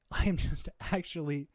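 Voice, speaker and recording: A man's voice: fairly high pitch, slow, no room sound, clean studio sound. A man hosting a livestream, talking off the cuff in an exasperated, confrontational way, saying he is exhausted, with lots of fillers and restarts. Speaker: livestream host. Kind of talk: unscripted livestream rant.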